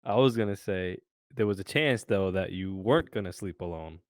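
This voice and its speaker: A man's voice: low-pitched, normal speed, no room sound, clean studio sound. A tired young man co-hosting a podcast in laid-back, teasing casual chat. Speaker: podcast co-host.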